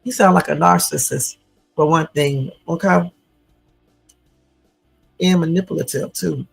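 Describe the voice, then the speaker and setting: A man hosting a livestream, reading text messages aloud and reacting to them with slow, musing asides. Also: on the high side, vocal fry, slightly rough, soft background music. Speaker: livestream host.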